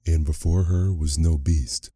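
A man narrating a fairy tale as a sleep story, reading in a slow, soothing, soft way. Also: a bass voice, steady tone, no room sound, studio quality.

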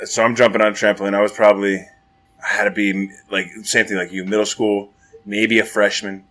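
A man telling a story in a casual, profane, rambling chat, growing loud and animated at the dramatic moments. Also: fairly low pitch, brisk.

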